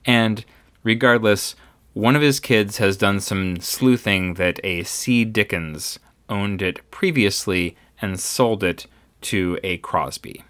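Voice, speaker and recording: A man's voice: fairly low pitch, takes it slowly, clear, resonant tone, no echo. A man setting up a clip in casual, explanatory narration. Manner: explanatory, relaxed. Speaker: video commentator.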